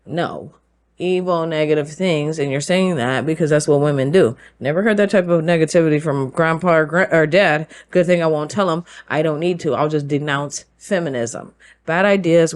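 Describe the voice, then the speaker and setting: A woman with a low voice hosts her own show, delivering a forceful opinion monologue. She is emphatic, firing off rhetorical questions and laughing between her points.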